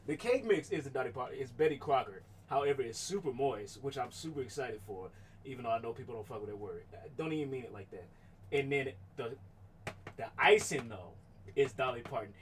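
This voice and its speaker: A man's voice: medium pitch, lively intonation, a little fast, a little hiss or hum. A man streaming casually at home, rambling loosely about his cooking plans, swearing freely and laughing often. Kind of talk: casual chat.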